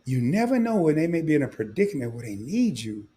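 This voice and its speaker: A man's voice: fairly high pitch, very animated, fast, dark tone. An older man hosting a livestream, talking candidly and a bit rambling, with emotion coming through. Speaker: livestream host. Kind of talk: casual livestream talk.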